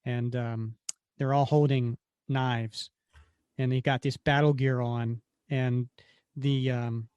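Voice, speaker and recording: A man co-hosting a podcast, walking through a comic page by page in a casual, chatty way. His voice sits at a middle pitch and sounds close and dry. He slips into short bits of acting when he quotes the characters. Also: flat delivery, takes it slowly, darkish tone, clear, resonant tone, dry recording, lo-fi sound. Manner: retells panels acting out the characters' lines. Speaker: podcast co-host. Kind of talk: casual comic book recap.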